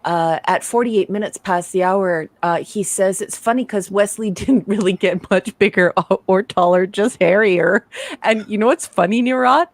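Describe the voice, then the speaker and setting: A woman's voice: medium pitch, moderate pace, no room sound. Woman co-host in a dry close mic. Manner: chimes in with short agreements and laughs. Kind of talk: casual live-stream chat.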